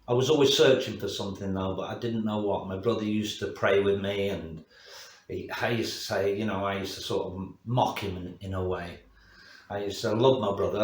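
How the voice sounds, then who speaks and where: Low-voiced man in an echoey room. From northern England. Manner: plain-spoken, candid, halting with fillers. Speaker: guest sharing his testimony. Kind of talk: personal testimony interview. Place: church.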